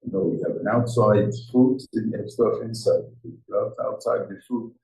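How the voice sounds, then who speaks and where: A man's voice: on the low side, normal speed, creaky, hardly any pauses, far from the mic. Older man teaching in a roomy hall. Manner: animated storytelling, acts out dialogue. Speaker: rabbi teaching a Torah class. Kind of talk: informal Torah lecture. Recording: roomy, from off the mic.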